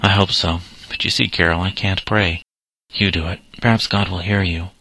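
A man's voice: deep voice, steady tone, moderate pace, bright, forceful tone, no room sound, exaggerated voice. Worried middle-aged mother, read by a man. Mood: anxious. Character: anxious widowed mother, middle-aged woman.

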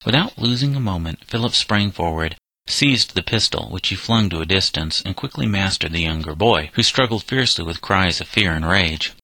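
A man reading a novel chapter aloud as an audiobook narrator, in a measured storytelling delivery. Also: low-pitched, animated, sharp tone, no room sound, rough recording. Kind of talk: scripted narration.

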